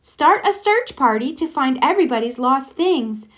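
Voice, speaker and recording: A confident, organized young girl frog from a storybook, as a woman reader puts her on. She speaks clearly and with purpose, pitched high. Each word lands steadily. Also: big pitch swings, normal speed, a bit bright.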